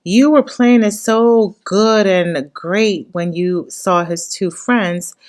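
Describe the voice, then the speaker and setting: Blunt, animated woman reviewer. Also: lowish voice. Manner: blunt, animated, talks straight to the cast. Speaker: reality show reviewer. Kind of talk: casual commentary on a reality show.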